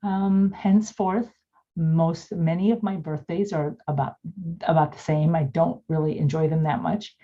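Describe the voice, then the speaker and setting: An older woman reflectively telling a personal childhood story over a video call, pausing with many fillers. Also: low-pitched, steady tone, mellow, highs cut off. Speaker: workshop participant.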